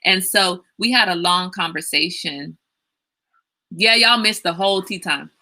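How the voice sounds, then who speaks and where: A woman's voice: lowish voice, unhurried, sharp tone. A woman hosting a casual livestream, chatting and telling stories with lots of animation and laughter. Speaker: livestream host. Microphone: webcam or phone on a live stream.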